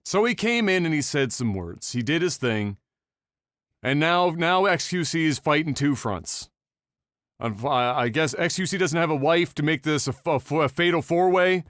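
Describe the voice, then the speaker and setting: A man hosting a podcast in a casual chat, animated and swearing freely. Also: a little high, normal speed, dry recording, clean studio sound. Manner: animated, swears freely, breaks into shouted bits. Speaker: podcast host.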